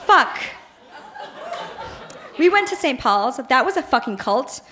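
A woman's voice: high-pitched, big pitch swings, takes it slowly, heavy background noise. A woman in her late twenties reading her teenage diary aloud at a live show in a bar, dramatic and earnest, with laughter in her voice. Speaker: reader on stage.

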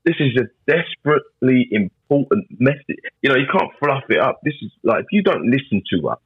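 A man who pastors and sings gospel, talking in a relaxed but insistent way and often asking "you know what I'm saying". His voice is husky. The sound is dry and a little muffled. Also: medium pitch, a little fast, no echo. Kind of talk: casual conversation.

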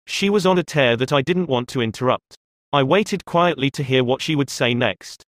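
Measured male audiobook narrator, dry sound. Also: medium pitch, no room sound. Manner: measured, expressive storytelling.

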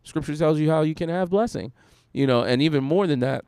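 A man, a pastor, talking through faith in a casual discussion, animated and storytelling, with bursts of acted-out voices. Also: a little high, brisk, clear, resonant tone, dry recording, clean studio sound.

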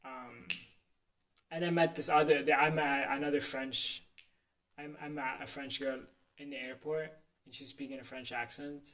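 A man's voice: medium pitch, fairly even intonation, normal speed, a bit bright. A man chatting casually on a podcast, joking and crude, rambling in his stories. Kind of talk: casual chat.

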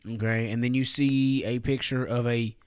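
A man's voice: medium pitch, little pitch movement, normal speed, smooth, dry recording, studio quality. A man giving a casual morning devotional on his podcast, folksy and plain-spoken, asking his listeners rhetorical questions. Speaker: podcast preacher.

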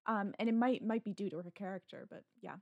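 A woman's voice: medium pitch, fast, gravelly, a little mellow, dry recording, lo-fi sound. A woman co-hosting a podcast, chatting casually and enthusiastically about a film, laughing easily and trailing off mid-thought. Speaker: podcast co-host. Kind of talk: casual film review chat.

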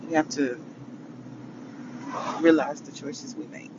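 A man's voice: a little high, fairly even intonation, slow pace. A man giving an emotional, preachy talk to his viewers, calling them baby and honey. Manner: preachy, affectionate, calls listeners baby and honey. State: emotional after a hard day. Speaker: vlogger. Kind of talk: casual spiritual talk to viewers. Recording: muffled with loud vehicle noise.

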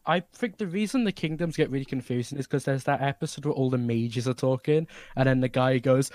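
A man speaks in a wry, storytelling way at a middling pitch. He slips into mimicking other people as he tells things. The sound is dry and close. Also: lively intonation, brisk, few pauses, a little mellow, no room sound. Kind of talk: casual chat.

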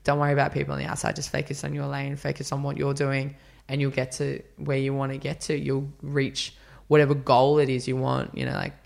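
Chatty man, gravelly voice. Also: mid-range voice, monotone, brisk, few pauses. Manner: chatty storyteller, acts out quotes, many fillers. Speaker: podcast guest, runner. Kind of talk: casual interview chat.

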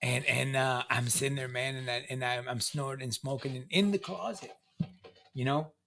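A man's voice: mid-range voice, steady tone, normal speed, creaky, pushed and bright, a little hiss or hum. A middle-aged man casually telling a long personal story, profane and emphatic, looping back with restarts and fillers. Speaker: guest sharing his recovery story.

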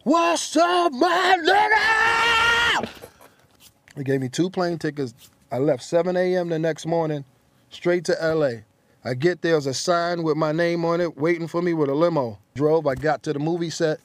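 A man from the Bronx telling a story as an interview guest, animated and acting out the voices in it. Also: fairly high pitch, brisk. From the Bronx, New York. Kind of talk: anecdotal storytelling. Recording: dry close mic.

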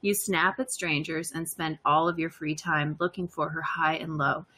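A woman's voice: low-pitched, fairly even intonation, moderate pace, bright, forceful tone, slightly rough. A woman leading comedy improv scenes, giggly and teasing. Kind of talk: laughing comedy banter.

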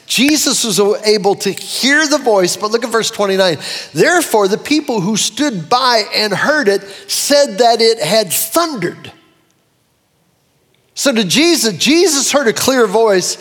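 A man preaching with animation and a fairly high voice, swinging his pitch up and down as he quotes scripture. His words ring out with a long reverb, as in a large hall. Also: animated, normal speed, a bit bright. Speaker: pastor. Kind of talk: sermon.

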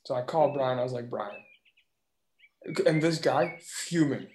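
A man who drives a delivery truck, telling a work story in animated casual chat. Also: mid-range voice, a little fast. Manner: animated, vivid retelling. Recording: roomy echo with faint noise.

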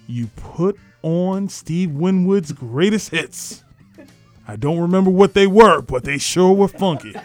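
A man co-hosting a comedy radio show, reading a silly fill-in story in a jokey, halting way. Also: a little high. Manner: jokey, reads haltingly with laughs. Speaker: radio co-host.

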